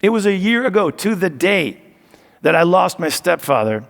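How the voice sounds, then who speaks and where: Man, stand-up comedian, sarcastic, high voice, gravelly, reverberant hall. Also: moderate pace. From United States. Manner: sarcastic, deadpan asides with mock boasting. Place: stage of a live show venue.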